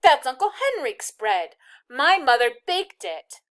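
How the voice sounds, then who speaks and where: A woman reading aloud who voices a brave young girl, raising her voice higher and chattering, then turning insolent. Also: very animated, normal speed. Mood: defiant.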